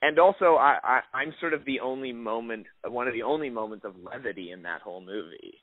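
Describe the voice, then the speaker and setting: A man's voice: medium pitch, fairly quick, no echo. A young adult man, an actor, answering interview questions in a casual, rambling way with many restarts. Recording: dry tinny phone-line audio.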